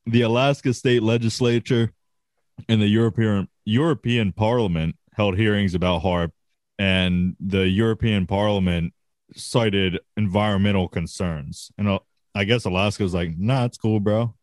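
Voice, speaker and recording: A man's voice: fairly low pitch, fairly even intonation, normal speed, dry recording, clean studio sound. A man chatting casually on a podcast, swearing freely and laughing often. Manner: profane, laid-back, laughs often. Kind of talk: casual chat.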